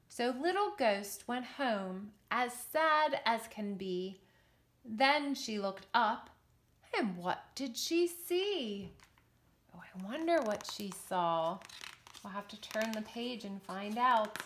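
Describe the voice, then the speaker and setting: A woman teacher reads a picture book aloud to young children, sing-song and encouraging. Her slightly high voice rises and falls widely, and she takes her time. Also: animated, slow, a bit bright. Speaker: children's yoga and story teacher.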